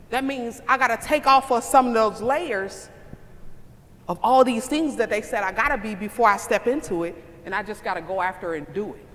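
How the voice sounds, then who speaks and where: Woman, motivational speaker, bright forceful voice, preacher-like repetition, echoey hall. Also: high-pitched. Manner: emphatic, repetitive preacher-like cadence; calls out to the audience. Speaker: conference speaker. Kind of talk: motivational speech. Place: conference hall.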